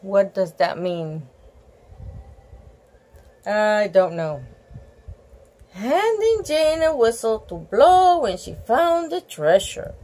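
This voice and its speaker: A woman's voice: mid-range voice, sing-song, slow, long pauses, a little mellow, rough recording. A woman reading a picture book aloud, gasping and exclaiming over the pictures with chatty asides. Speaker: storybook reader.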